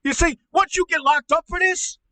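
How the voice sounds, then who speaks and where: A man playing an angry middle-aged uncle in a comedy podcast, ranting loudly, swearing and stammering. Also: very high voice, fairly even intonation, moderate pace, no echo, exaggerated voice. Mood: furious ranting. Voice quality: shouty, profane, stammering. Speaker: podcast co-host. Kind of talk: comedic rant.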